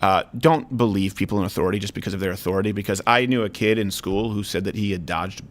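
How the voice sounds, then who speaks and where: A man hosting a casual political talk show, telling stories with animated swings into loud, high-pitched rants. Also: quick pace. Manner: animated storytelling, jumps to high shouting when riled. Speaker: show host.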